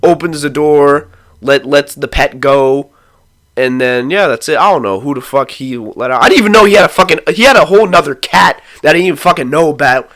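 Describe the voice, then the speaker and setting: Speaking fairly quickly in a slightly high voice, a young man excitedly recounts a night with his friends for a casual vlog. The story wanders all over and he swears nonstop.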